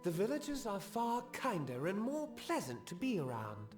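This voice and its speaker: A man voicing a young half-elf nobleman in a game, with a high, soft voice and a flat, emotionless delivery. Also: normal speed, soft background music. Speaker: game character.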